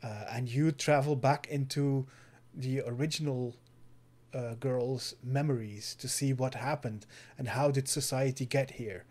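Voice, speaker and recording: A man's voice: mid-range voice, fairly even intonation, unhurried, darkish tone. Male podcast co-host, earnest and casual, game recommender. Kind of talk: casual chat.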